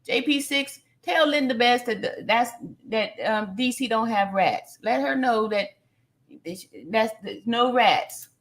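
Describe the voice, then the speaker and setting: A woman's voice: a little high, measured pace, fairly bright tone. A woman hosting a casual live stream, reading viewer comments aloud and repeating phrases for emphasis, with plenty of fillers.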